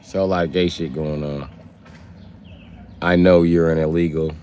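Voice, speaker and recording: A man's voice: very deep voice, fairly even intonation, moderate pace, warm tone, clean tone. A man ranting on a casual livestream, profane and confrontational, heckling his viewers.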